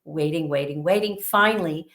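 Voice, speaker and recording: A woman guest, a bit under the weather, telling a vivid story in an animated way during an interview. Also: deep voice, moderate pace.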